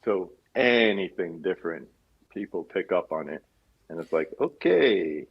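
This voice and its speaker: Husky low-voiced New man hosting. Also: normal speed, highs cut off. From New York. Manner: chatty, laughs often. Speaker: podcast host. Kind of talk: casual video-call interview.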